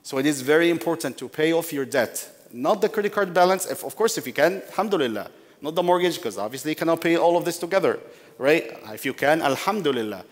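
A man teaching a workshop in a sermon-like way, repeating key phrases for emphasis and addressing his listeners as brothers. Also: on the high side. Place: large mosque hall. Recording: long hall reverb.

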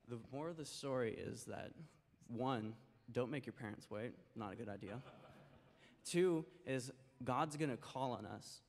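Brief: male children's-story teller, folksy and gentle, long reverb of a church hall. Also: medium pitch. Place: church sanctuary.

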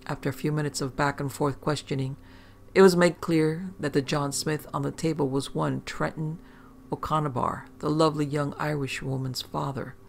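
A man's voice: fairly high pitch, steady tone, moderate pace, gravelly, a little hiss or hum. A man narrating a first-person horror story in a wry, conversational way, with profane asides.

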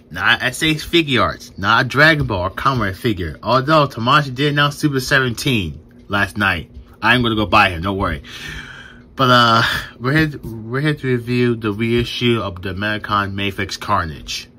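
A young man hosting a casual toy review vlog, excited, stumbling over his words and laughing often, recorded on a new phone camera. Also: on the low side, moderate pace, a little hiss or hum. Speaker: toy reviewer and channel host.

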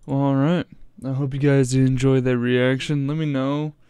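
A man's voice: medium pitch, little pitch movement, normal speed, dark tone, clean tone, no echo. A man hosting a reaction video, talking casually in a rambling way, swearing freely and breaking off mid-thought.

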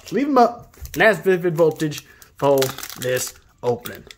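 A man hosting a video where he opens trading card packs, reading off each card and breaking into excited high exclamations at the good ones. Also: unhurried, a little hiss or hum. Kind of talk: casual pack-opening commentary.

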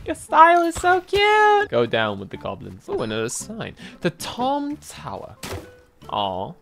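A young man giving giggly, excitable, self-mocking commentary while playing a game. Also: high voice, unhurried, creaky. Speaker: gameplay commentator. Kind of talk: let's play commentary. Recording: game music behind.

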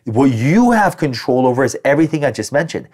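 A man's voice: mid-range voice, big pitch swings, a little fast, darkish tone, slightly rough. A man giving a tarot reading as spiritual guidance, talking animatedly and acting out quoted voices. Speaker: tarot reader.

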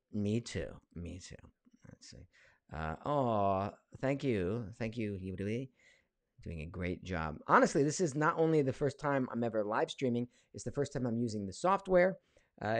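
Chatty man with a lively voice. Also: lowish voice, dry recording. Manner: chatty, reads viewer comments aloud, frequent fillers. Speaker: voice actor hosting a live Q&A. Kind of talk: casual live stream chat. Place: home studio. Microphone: studio mic.

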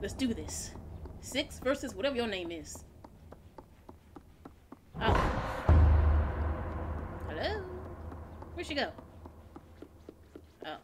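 Jittery high-voiced woman playing a horror game. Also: very animated, slow pace, long pauses, heavy background noise. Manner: jittery and talkative, narrating her own fear, bursting into screams. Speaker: gaming channel host. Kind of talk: casual horror game commentary. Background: game music.

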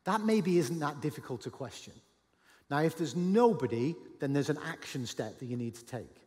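Animated pastor preaching in a big hall. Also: male voice, fairly high pitch, normal speed. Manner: animated, acts out Bible dialogue with sudden shouts. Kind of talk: sermon. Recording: long hall reverb.

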